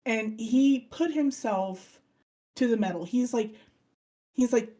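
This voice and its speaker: A woman's voice: on the high side, slow pace, pauses often. A woman co-hosting a casual podcast, retelling an anime plot with energy and acting out the characters' lines. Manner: animated storyteller who acts out characters' lines. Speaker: podcast co-host.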